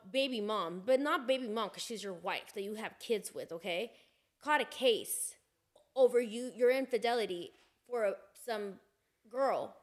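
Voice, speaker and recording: A podcast co-host, a woman with a fairly high voice, trades gossip in casual chat. She's animated and fills her speech with "like."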